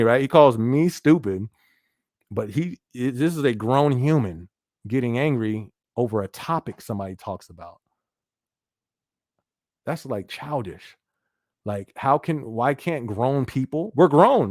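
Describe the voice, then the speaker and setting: Male live-stream host, casual and loose, mid-pitched voice, close dry mic. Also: a little mellow, no echo. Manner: laid-back, laughs often, frequent fillers like "you feel me". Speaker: livestream podcast host. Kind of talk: casual live-stream chat reading viewer comments.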